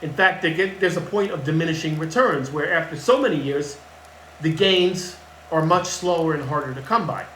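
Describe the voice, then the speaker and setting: A man's voice: on the high side, moderate pace, pushed and bright, slight background noise. A man working as a fitness coach gives casual advice to camera in a blunt, emphatic way and repeats his key points. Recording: echoey room with faint ambience.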